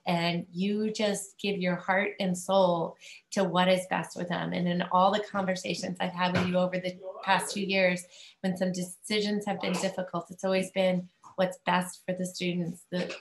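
A woman chairing a video-call meeting, giving a halting, emotional farewell tribute with many pauses. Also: lowish voice, echoey room. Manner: halting, many fillers, near tears. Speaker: school committee chair.

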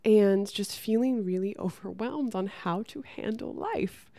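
A woman talking casually to camera about spiritual growth, chatty and soft, often saying "like" and restarting her sentences. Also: medium pitch, a little slow, gravelly, no echo. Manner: chatty, many "like" fillers and restarts.

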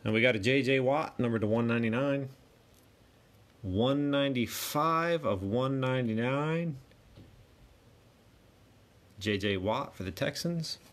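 Speaking a little slowly and pausing often, a man with a mid-range voice opens packs for a card break. He lists off card names and makes chatty comments to himself over a little hiss or hum.

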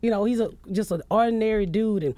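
A woman's voice: medium pitch, quick pace, no room sound. Blunt, profane woman comedian. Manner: blunt, profane, animated storytelling. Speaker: comedian guest. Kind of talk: candid radio interview storytelling. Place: radio studio. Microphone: studio mic.

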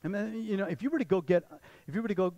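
A male pastor delivering a sermon, bringing the stories alive by acting out each person's voice. His voice sits fairly high. The sound is dry and close, with little room around it. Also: very fast, dry recording, dull audio. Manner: animated storytelling, acting out voices in the scriptures.

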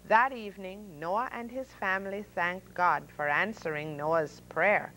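A woman hosting a story hour, reading children's picture books aloud with expressive sound effects and voices for the animals. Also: lowish voice, a little slow, hardly any pauses, poor audio. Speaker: storyteller host.

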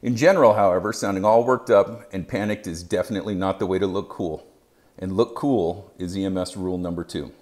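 A man giving scripted narration as an EMS educator, with a measured, even delivery. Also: sits low.

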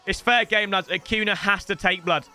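A young man giving excitable commentary on his own football video game matches, with shouting outbursts and joking banter. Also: sits high, normal speed, background noise. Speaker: gaming YouTuber.

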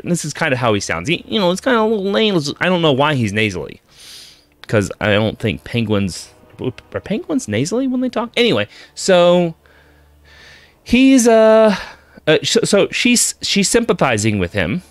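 A man casually telling a long joke, rambling and animated, addressing the listener directly. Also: mid-range voice, moderate pace, dry recording. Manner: rambling, animated, many fillers and restarts.

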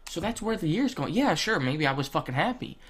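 A young man, ranting bluntly to camera in casual vlog talk, swearing a lot and filling pauses with ums. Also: a little high, sing-song, a bit bright, husky. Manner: blunt, profane, heated, with many ums. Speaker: vlogger.

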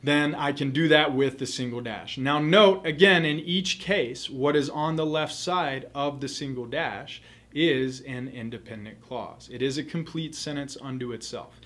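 A man tutoring for a test, explaining grammar rules in a clear, methodical lesson and repeating the key points. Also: medium pitch, measured pace, fairly bright tone.

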